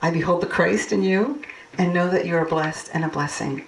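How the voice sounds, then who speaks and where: Low-voiced woman minister in echoey hall. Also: normal speed, vocal fry, background noise. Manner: earnest, heartfelt, personal. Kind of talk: sermon and anniversary blessing. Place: church sanctuary. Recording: echoey hall, mic far off.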